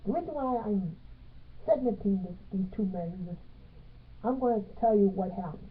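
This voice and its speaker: A woman teaching a music theory lesson, speaking in halting phrases and counting beats aloud with stress on the accented ones. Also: mid-range voice, expressive, husky. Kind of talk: piano music theory tutorial. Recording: tinny phone-like sound.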